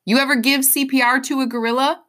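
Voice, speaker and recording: A woman playing a brisk, clipped police officer. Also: sits high, steady tone, bright, forceful tone, voice pushed up. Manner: clipped, businesslike.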